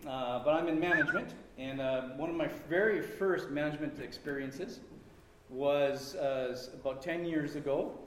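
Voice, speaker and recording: A man's voice: a little high, normal speed. A middle-aged man giving an informal church talk, telling a personal story in a rambling way, full of fillers and restarts. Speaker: lay speaker at church. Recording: echoey hall, speaker far from mic.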